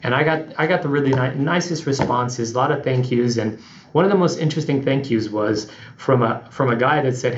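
A man's voice: medium pitch, a little fast, echoey room, lo-fi sound, slight background noise. A man being interviewed as a company CEO, telling stories in a casual podcast chat and acting out other people's lines as he goes. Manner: animated storyteller, acts out quotes. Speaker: guest CEO.

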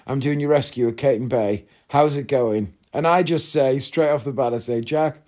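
A man's voice: medium pitch, moderate pace, darkish tone. A man talking casually to his viewers, open and candid, wandering through asides as he recounts what happened. He slips into the voices of people he met along the way and keeps an easy, conversational flow. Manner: chatty, candid, rambling with asides and quoted voices. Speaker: vlogger. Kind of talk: casual storytelling to camera.

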